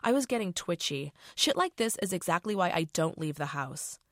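Woman author reading her novel, low voice. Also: sing-song, normal speed, no room sound, studio quality. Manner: casual, profane first-person narration.

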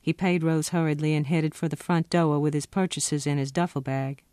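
A woman author reading from her own novel in a steady, expressive first-person narration. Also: low-pitched, moderate pace, no echo, clean studio sound.

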